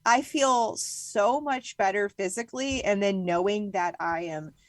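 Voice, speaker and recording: A woman's voice: medium pitch, measured pace, no room sound. A woman hosting a casual podcast interview, chatty and agreeable, telling her own story between small affirmations. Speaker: podcast host.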